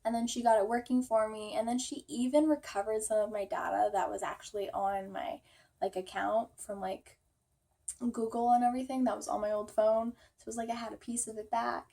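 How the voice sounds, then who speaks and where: A woman's voice: on the high side, fairly even intonation, fairly quick, warm tone. A young woman telling a storytime vlog, chatty and full of fillers, acting out her own quotes. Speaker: vlogger.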